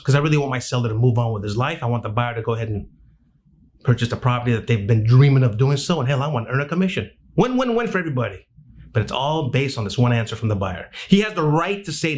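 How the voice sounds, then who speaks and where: A man teaching real estate agents, telling stories and acting out the dialogue in a lively, casual way. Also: medium pitch, quick pace. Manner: animated, acts out dialogue, swears casually. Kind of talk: energetic teaching with storytelling.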